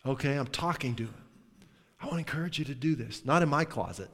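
A man preaching in a conversational, animated way, sometimes dropping to a hushed tone. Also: medium pitch, quick pace. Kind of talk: sermon. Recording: long hall reverb.

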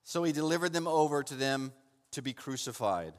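A man preaching a sermon and reading from the Bible, swinging between loud fervent passages and hushed soft ones, and calling his listeners "saint". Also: on the high side, lively intonation, brisk. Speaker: pastor. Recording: long hall reverb.

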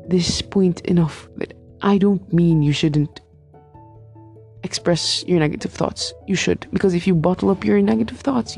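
A young woman in her twenties tells a story in a casual vlog, rambling and emphatic, tripping over fillers and restarting her sentences. Her voice is dark and mellow with a gravelly fry running through it. Faint music plays underneath. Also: mid-range voice. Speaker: medical student.

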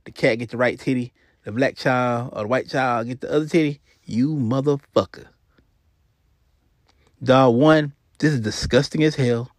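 A man's voice: mid-range voice, moderate pace, dry recording, clean studio sound. A man hosting a show, ranting in a casual comic way, swearing a lot and repeating himself. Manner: profane, animated, repeats himself. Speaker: podcast host.

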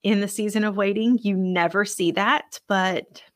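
Woman, podcast host, personal testimony, earnest, emotional, halting restarts. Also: mid-range voice, steady tone, no echo, studio quality. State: overwhelmed with emotion.

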